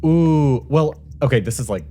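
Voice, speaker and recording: Very low-voiced giggly woman host. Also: animated, warm tone, slight background noise. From Boston area. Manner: upbeat, giggly, quick reactions. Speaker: podcast co-host. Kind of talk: casual chat.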